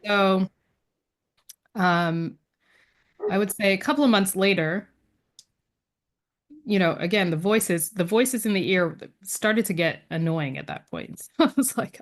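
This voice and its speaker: This is a woman guest chatting through a personal story at an everyday mid pitch. She jumps into the quoted voices of the people she talks about and leans on fillers and quick restarts as she goes. Her voice sits in the middle of a woman's range. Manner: lively storyteller who acts out quoted dialogue; frequent fillers and restarts, laughs between lines. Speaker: podcast guest. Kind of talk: casual interview storytelling.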